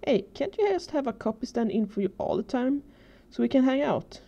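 A woman reading aloud, voicing a whiny teenage boy tech geek in a high squeaky voice. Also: expressive, brisk, warm tone, dull audio. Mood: eager.

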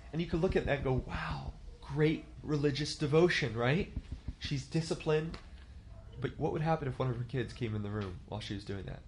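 A man's voice: medium pitch, darkish tone, slight background noise. A man in his thirties teaching a church leadership class in a conversational way, asking the class questions and acting out quotes.

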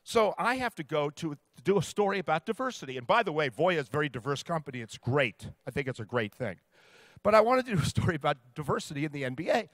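Lively man telling comic sports stories. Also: a little high, fast talker, dry recording. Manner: lively storyteller, builds to punchlines. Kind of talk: comedic speech to a live audience.

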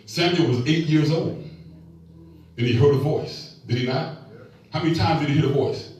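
A fairly high-pitched, slightly mellow male voice preaches at a normal speed over slight background noise. The middle-aged pastor engages his congregation in call-and-response and adds playful asides, picked up by a far-off mic in an echoey space.

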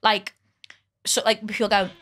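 A woman's voice: medium pitch, unhurried. A woman in her twenties with a Liverpool accent, telling stories bluntly and with lots of swearing as a comedy podcast guest. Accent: Liverpool (Scouse). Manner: blunt, sweary, animated storytelling. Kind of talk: casual comedic chat.

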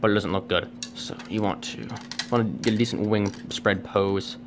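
A man's voice: lowish voice, steady tone, moderate pace, noisy background. A man reviewing a toy at home on camera, rambling and self-deprecating, with many fillers and restarts. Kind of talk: casual unscripted review. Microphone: camera on a tripod.

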